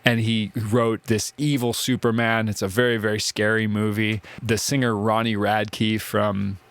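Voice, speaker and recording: A man's voice: lowish voice, flat delivery, measured pace, no echo. A man giving a casual classroom ethics lecture, chatty and conversational, often checking in with "right?". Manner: chatty, conversational, uses filler words like "right?" and "like".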